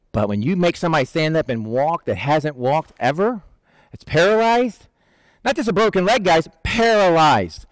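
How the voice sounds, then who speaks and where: A man preaching a casual, conversational sermon, animated, acting out the people in the story. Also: on the high side, normal speed, no echo, low-quality recording. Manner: conversational, animated, acts out Bible figures in quotes.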